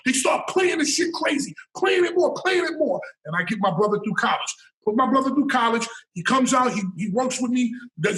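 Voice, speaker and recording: A man telling a story as an interview guest, loud and profane, breaking into shouted hype calls. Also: extremely high pitch, echoey room, low-quality recording. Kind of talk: animated storytelling.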